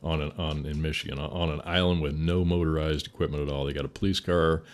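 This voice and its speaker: Very deep-voiced middle-aged man telling stories. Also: quick pace. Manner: animated anecdotal storyteller, gets loud in punchlines. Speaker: fire service veteran guest. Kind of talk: casual storytelling chat.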